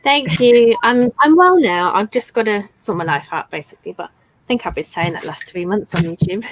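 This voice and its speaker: A woman in her thirties co-hosts a casual live stream from home, chatting in a rambling way with plenty of ums. Her mid-range voice is expressive and moves at normal speed, on a low-quality recording with slight background noise.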